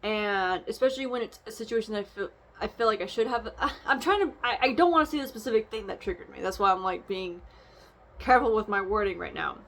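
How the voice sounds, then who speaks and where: A woman's voice: medium pitch, lively intonation, fast, a bit bright. A young woman casually talking through an oracle card reading and her feelings, rambling, with frequent fillers and restarts. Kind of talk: casual reflective vlog.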